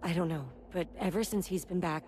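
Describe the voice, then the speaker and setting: A woman's voice: lowish voice, brisk, a little mellow, slight background noise, close to an everyday voice. An actress playing a shaken young woman who earnestly recounts an attack in a live-action series. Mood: urgent.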